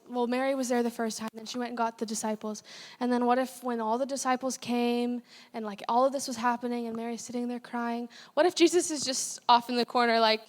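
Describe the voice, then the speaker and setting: A young woman giving a casual, chatty sermon as a guest speaker, with many fillers. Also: a little high. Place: church hall. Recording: long hall reverb.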